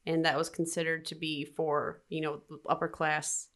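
A woman co-hosting a podcast, explaining a topic in a relaxed, conversational way with many fillers. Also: low-pitched, normal speed. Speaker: podcast co-host. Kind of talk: casual chat.

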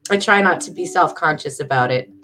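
A woman's voice: sits low, fairly quick. A woman in her thirties hosting a livestream from home, chatting with viewers and reading her own writing aloud. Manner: emotional, chatty, reads aloud warmly. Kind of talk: casual livestream chat and poetry reading.

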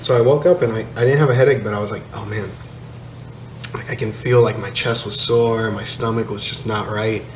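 A man's voice: lowish voice, steady tone, fast, hardly any pauses. A man casually telling a story on a podcast, laid-back and swearing, laughing as he goes. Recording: echoey room, slight noise.

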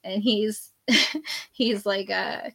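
A woman's voice: mid-range voice, very slow, gravelly, a bit bright, poor audio. A woman in her forties, a guest on a faith podcast, speaking candidly in a casual, rambling way and often laughing mid-story.

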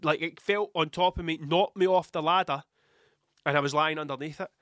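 A man's voice: on the high side, steady tone, a little fast, fairly bright tone, no echo, clean studio sound. A Scottish man with a cold, coughing now and then, talking in a rambling, blunt, heavily sweary monologue. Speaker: podcast host. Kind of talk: casual monologue.

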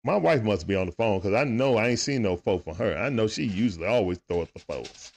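Man, low voice, lively swinging pitch, casual play-by-play, slangy, chats with viewers. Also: fairly quick, creaky. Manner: excitable, slangy, chatty with viewers. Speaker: live-stream game commentator.

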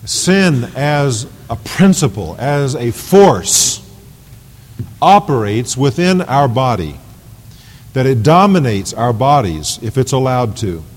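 A man's voice: mid-range voice, big pitch swings, slow, husky. A man preaching an evening sermon as pastor, emphatic, repeating phrases for stress. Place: church sanctuary. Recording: long reverb of a large hall.

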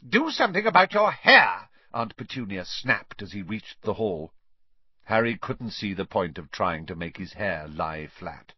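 A man reading a children's novel aloud as an expressive narrator. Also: lowish voice, husky, no room sound, lo-fi sound. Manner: expressive storytelling. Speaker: audiobook narrator. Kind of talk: scripted narration.

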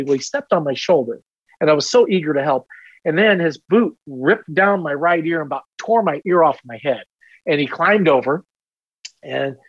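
A man's voice: on the high side, dry recording, highs cut off. A man in his fifties, a retired police officer, telling stories in a casual podcast interview with rambling energy and self-deprecating humor.

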